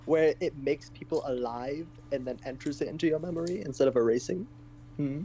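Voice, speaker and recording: Brief: exasperated male player in character, higher voice, lively, faint hum. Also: fairly quick. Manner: animated, exasperated, swearing. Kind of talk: in-character tabletop role-play.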